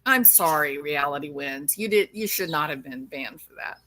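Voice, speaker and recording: A woman's voice: low-pitched, lively intonation, moderate pace, bright, forceful tone. A woman from the Arkansas-Louisiana hill country, scolding and preaching at someone she speaks to directly. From American South, Arkansas-Louisiana area. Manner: scolding, preachy, addresses her subject directly. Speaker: commentary channel host. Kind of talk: opinionated commentary monologue.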